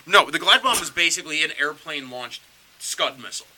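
A man co-hosting a podcast, telling a history story in a crude, profane, animated way. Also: on the high side, fairly quick, low-quality recording. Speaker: podcast co-host.

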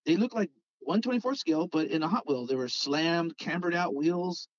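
Kinda high-voiced guy rambling through a story, lots of uh and you know, dry muffled sound. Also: normal speed, no echo. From Southern California. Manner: rambling, animated when quoting others. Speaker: guest, Hot Wheels customizer. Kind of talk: casual storytelling chat.

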